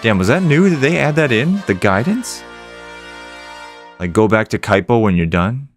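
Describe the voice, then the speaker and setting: A man's voice: medium pitch, expressive, normal speed. A man casually commenting aloud while he plays a game. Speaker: let's play gamer. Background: game music.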